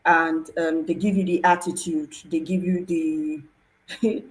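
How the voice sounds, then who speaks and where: A woman's voice: low voice, level tone, slow pace, slight background noise, rough recording. A woman sharing a personal testimony on a panel talk show, earnest and emotional, telling her story with feeling. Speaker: program participant sharing testimony.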